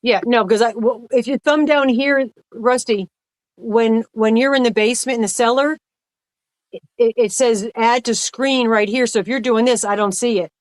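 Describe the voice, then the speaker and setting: A woman's voice: a little high, steady tone, moderate pace, no room sound. A woman co-hosting a live stream, chatting casually in a rambling way that repeats itself. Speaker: livestream co-host.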